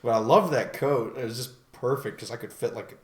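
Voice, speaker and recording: An easygoing man hosting a casual podcast, chatty and quick to laugh. His voice sits at an average pitch and has a roomy echo around it. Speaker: podcast host. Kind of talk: casual chat.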